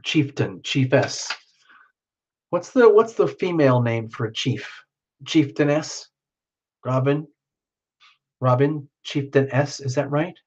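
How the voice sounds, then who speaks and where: A man hosting a live tarot reading stream, chatting casually and greeting viewers by name, with excited whoops now and then. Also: medium pitch, slow pace, long pauses, husky. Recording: dull lo-fi stream audio.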